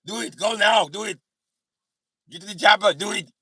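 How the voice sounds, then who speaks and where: A man putting on an Austrian accent to play a bossy, shouting tough guy who barks the same orders over and over. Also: sits high, moderate pace, dry recording, studio quality, voice pushed up, heavily acted. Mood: barking orders. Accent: put-on Austrian. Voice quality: gravelly, barking. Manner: commanding, repeats orders, mock-macho.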